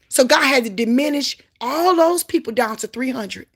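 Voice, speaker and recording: A woman sharing a Christian testimony in a preaching style, fervent and emphatic, swinging between loud exclamations and low asides. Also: lively intonation, normal speed, few pauses, breathy edge. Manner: emphatic repetition.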